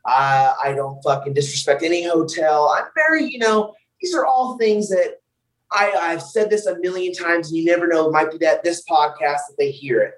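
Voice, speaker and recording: A young man, a wrestler, telling wild road stories on a podcast in a loud, profane, animated way. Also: on the high side, moderate pace, far from the mic, poor audio. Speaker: wrestler guest. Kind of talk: casual podcast storytelling.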